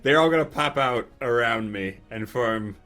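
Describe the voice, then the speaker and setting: A man's voice: medium pitch, moderate pace, pushed and bright, faint music behind. A man playing a tabletop game, talking casually and giggling, who sings little sound effects as he describes his moves. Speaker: player.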